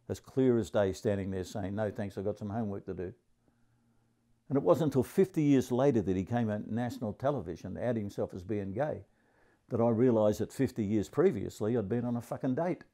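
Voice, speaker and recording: A man in his seventies with an Australian accent, telling a crude, grumpy stand-up comedy story in a deadpan way. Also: lowish voice. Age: 70s.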